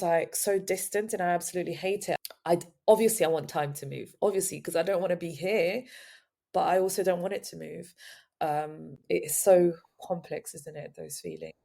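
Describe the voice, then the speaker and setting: A young woman co-hosting a podcast, talking in a halting, casual way with many restarts. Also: fairly low pitch, gravelly, a little mellow. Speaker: podcast co-host. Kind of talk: casual chat.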